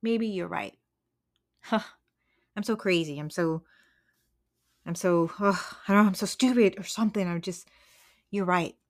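A woman's voice: fairly low pitch, unhurried, long pauses. A woman voicing an earnest young male eagle raised among chickens, talking in an eager, pleading way. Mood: deflated. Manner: eager, pleading, then deflated.

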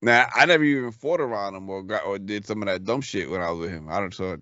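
A man's voice: fairly low pitch, quick pace, sharp tone, no room sound, highs cut off. A man hosting a casual podcast, easygoing and slangy, who repeats himself as he talks. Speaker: podcast host.

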